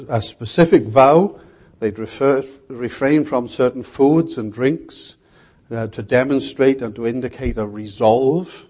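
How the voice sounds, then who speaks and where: A man preaching an expository sermon in a measured way, often putting rhetorical questions to his listeners. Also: mid-range voice, dark tone, slightly rough.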